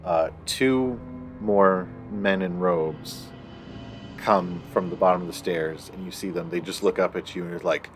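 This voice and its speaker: A man narrating as game master of a tabletop game, relaxed and laughing, drawing his descriptions out. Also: deep voice, unhurried, faint music behind.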